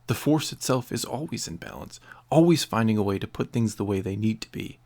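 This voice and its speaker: A man voicing a cold, calm young man who has turned toward darkness in a read-aloud story. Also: on the low side, fairly quick.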